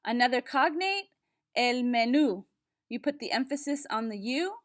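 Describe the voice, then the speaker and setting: A woman teaching a vocabulary lesson, pronouncing each word slowly and carefully and pausing for the listener to repeat. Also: high-pitched, lively intonation, a bit bright. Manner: slow, careful enunciation with repeat-after-me pauses. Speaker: Spanish teacher.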